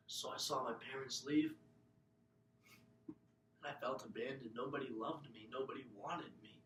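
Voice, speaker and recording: A young man giving an earnest, emotional personal testimony as a student speaker, often dropping to a hushed, breathy voice. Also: normal speed, pauses often. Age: young adult. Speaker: student speaker telling his own story. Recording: echoey room, mic far off, faint rumble.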